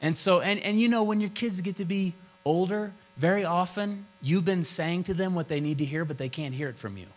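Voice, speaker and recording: A man's voice: sits high, a little fast, hardly any pauses, low-quality recording. A middle-aged man from Oklahoma preaching a sermon as pastor, with an emphatic, repetitive cadence.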